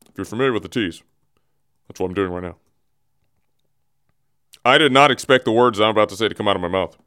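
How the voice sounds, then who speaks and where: A man's voice: on the low side, fairly bright tone, smooth. Rambling, jokey radio host man. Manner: rambling, jokey, teasing, restarts mid-thought. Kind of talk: casual radio monologue. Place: radio studio, also streamed on camera. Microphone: studio microphone.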